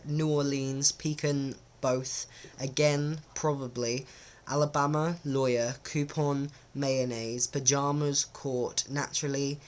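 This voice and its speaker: A man talks casually to camera in a vlog, hesitant and self-conscious, with many ums. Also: medium pitch. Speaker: vlogger. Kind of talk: casual accent-test vlog.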